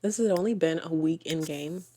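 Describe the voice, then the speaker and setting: A woman's voice: sits low, normal speed, crowd noise. A woman hosting a gaming channel who talks through her life-sim game in casual commentary, chatty and giggly, often correcting herself. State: hiccups.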